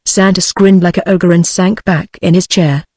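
A synthetic British woman's voice narrates a book in an even, machine-read manner. The sound is dry and close, with no room around it. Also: on the low side, moderate pace, dry recording. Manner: even synthetic reading, same voice for every character. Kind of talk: text-to-speech audiobook reading.

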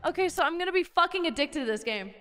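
A woman's voice: extremely high pitch, lively intonation, fast talker, fairly bright tone, soft background music. A young woman streaming a game while sick, playful and swearing a lot, calling her viewers darlings. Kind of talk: casual gaming stream chat.

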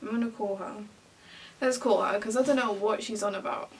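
A woman's voice: medium pitch, steady tone, a little fast, recorded from a distance, background noise. A young woman vlogging casually to camera, giggling and bursting into laughter often. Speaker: beauty vlogger.

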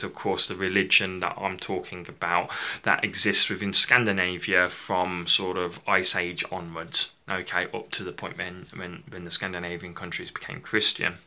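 A man's voice: sits low, pushed and bright. A man hosting his own channel, talking off the cuff in a rambling, chatty way, often correcting himself mid-sentence. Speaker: channel host. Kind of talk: unscripted casual monologue.

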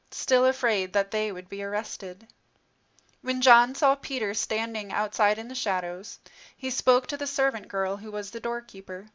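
A woman narrating a story in an expressive, dramatic reading style. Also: on the high side, smooth. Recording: dull lo-fi recording.

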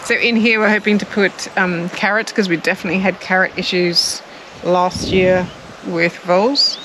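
A woman's voice: on the low side, fairly even intonation, normal speed, background noise. An Australian woman chatting casually in her garden, laughing often and searching for words. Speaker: co-host of a gardening channel. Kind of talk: casual chat. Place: outdoors in a garden.

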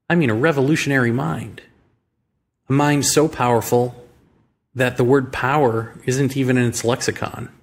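An American man hosting a podcast, thinking aloud in a reflective monologue and asking rhetorical questions. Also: mid-range voice. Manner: musing, rhetorical questions, slow deliberate phrasing. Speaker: podcast host. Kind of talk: reflective monologue on politics and spirituality.

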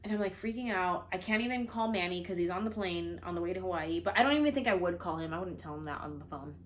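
A pregnant woman telling her own story in a casual vlog, lively, acting out the things people said. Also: fairly low pitch, quick pace. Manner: animated, acts out her own and others' quoted lines.

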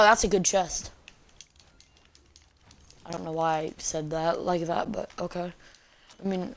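A woman's voice: on the low side, slight background noise. A woman hosting a gaming channel, giving goofy, joking gameplay commentary and playfully teasing her viewers. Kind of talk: let's-play gameplay commentary.

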